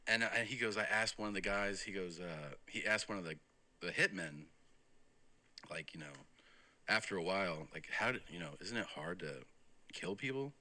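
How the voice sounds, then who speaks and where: A man's voice: low voice, normal speed. A man telling a story on a podcast in a casual, profane way, quoting the people in it. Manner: profane, animated storytelling that quotes others. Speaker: podcast guest. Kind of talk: casual anecdote.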